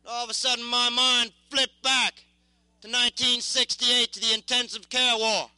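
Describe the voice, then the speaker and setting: High-voiced intense young veteran man. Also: flat delivery, sharp tone, smooth, dry recording, rough recording. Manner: intense, repetitive, halting. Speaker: war veteran. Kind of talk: impassioned spoken testimony.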